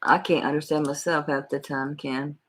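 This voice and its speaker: Casting: middle-aged Southern woman, low husky voice, folksy live-stream jewelry seller. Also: little pitch movement, normal speed. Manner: folksy, chatty, talks to viewers by name. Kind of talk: live-stream sales chat.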